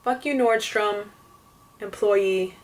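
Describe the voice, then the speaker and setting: A woman's voice: mid-range voice, slow, recorded from a distance. Exasperated young woman ranting. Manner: exasperated, profane, fillers of "like". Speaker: vlogger. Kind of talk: casual rant to camera.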